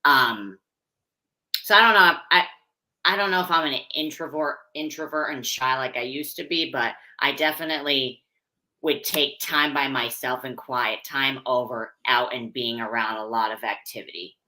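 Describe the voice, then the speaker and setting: A woman's voice: a bass voice, moderate pace, pushed and bright, poor audio. A young adult woman from Pennsylvania, chatting candidly as an interview guest and laughing easily. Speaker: interview guest, figure competitor and posing coach. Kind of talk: casual interview chat.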